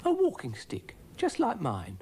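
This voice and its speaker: A man voicing a kindly, doddery old man with a gentle, wavering manner. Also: sits high, wildly swooping pitch, unhurried, a little hiss or hum, voice pushed up, exaggerated voice. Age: older.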